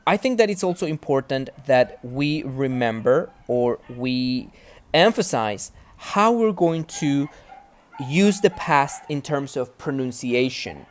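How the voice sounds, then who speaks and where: A woman's voice: very deep voice, darkish tone. A woman teaching English grammar and pronunciation in a recorded lesson, explaining patiently step by step and checking in with the learner.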